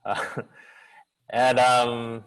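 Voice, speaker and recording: A man, a business school professor and communication coach, answering questions in an online seminar over a video call. He has an actor's expressive delivery, with an energetic coaching tone and many rhetorical questions. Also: mid-range voice, drawn-out words, clean tone, low-quality recording.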